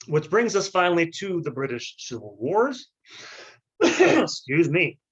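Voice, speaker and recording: A man giving an unscripted history lecture, halting and full of fillers and restarts, often clearing his throat. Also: high voice, wildly swooping pitch, dull audio.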